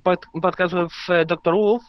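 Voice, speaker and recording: Polish accent guy, pretty high smooth voice, lots of uh pauses, dry lo-fi mic. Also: steady tone. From Poland. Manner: hesitant, many "uh" pauses. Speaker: podcast co-host. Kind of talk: casual podcast chat.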